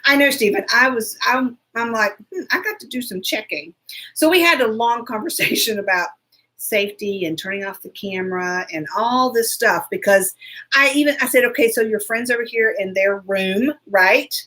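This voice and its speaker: A woman hosting a casual live chat, telling a story in a chatty, animated way and answering viewers. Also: a little high, normal speed. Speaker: show host.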